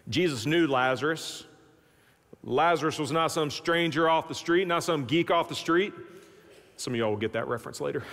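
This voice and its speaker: A male pastor preaching a sermon, telling stories with dramatic swings from loud to hushed and folksy asides, in a church sanctuary. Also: a little high. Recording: echoey church hall.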